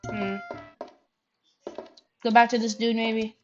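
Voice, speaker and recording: A woman with a mid-range voice and a measured pace does let's-play commentary for her gaming channel, thinking aloud, counting under her breath and swearing freely. The audio is slightly dull, with loud game music playing.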